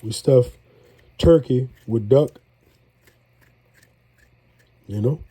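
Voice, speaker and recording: A man's voice: mid-range voice, very slow, warm tone, breathy edge. A middle-aged man, congested, chatting in a rambling, folksy way as he cooks for a vlog. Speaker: home cook. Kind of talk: casual cooking vlog.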